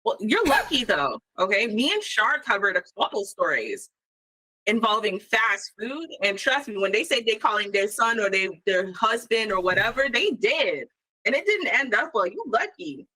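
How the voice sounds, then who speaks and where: A woman co-hosting a casual commentary show, chatting in an animated way full of rhetorical asides. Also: mid-range voice, moderate pace, low-quality recording. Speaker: show co-host.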